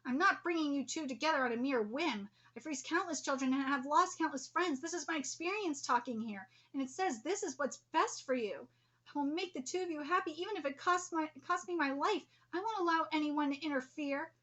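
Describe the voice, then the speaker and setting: A woman's voice: sits high, brisk, fairly bright tone. A woman voicing a grown man, a stern father weighed down by guilt, while reading a manga aloud.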